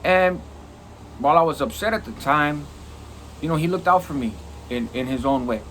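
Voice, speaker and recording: A middle-aged man telling a prison story in a casual, profane, animated way. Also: a little high, moderate pace, a little hiss or hum. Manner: animated, profane, acts out quoted lines.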